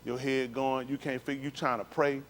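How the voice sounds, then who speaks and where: With a medium-pitched, level voice at a moderate pace, a man tells his personal story to a congregation over a synagogue livestream. He is emphatic and repetitive, using blunt street talk, and a little hiss or hum sits under the recording.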